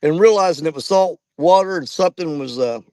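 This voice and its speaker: A man's voice: a little high, fairly quick, a little mellow, no room sound. A man hosting a live fishing stream outdoors, out of breath and chatting to viewers by name. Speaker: fishing channel host. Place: outdoors at a riverbank.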